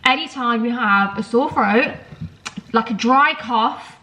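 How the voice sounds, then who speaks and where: A woman's voice: on the high side, slow pace, bright, forceful tone, slight background noise, poor audio. A young woman with a sore throat chatting casually to camera in her home kitchen, telling stories with lots of ums and likes. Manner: chatty, storytelling, lots of fillers like um and like. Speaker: vlogger.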